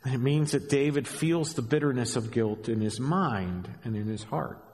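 A middle-aged man preaching a sermon as a pastor, animated, with joking asides, swinging between hushed and raised delivery. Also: mid-range voice, moderate pace. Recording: long hall reverb.

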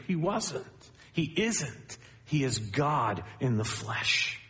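A man delivers an expository sermon with a notably high voice. His voice rises sharply when he hammers home a point and drops low for asides. The sound carries a long reverb, like a large church hall. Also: fairly bright tone. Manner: expository preaching, rising pitch for emphasis. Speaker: pastor.

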